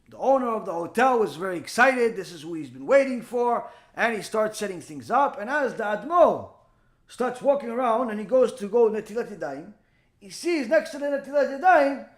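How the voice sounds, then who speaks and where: A man, a rabbi, telling a story in a Torah lesson and acting out the dialogue with lively delivery. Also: high-pitched, moderate pace.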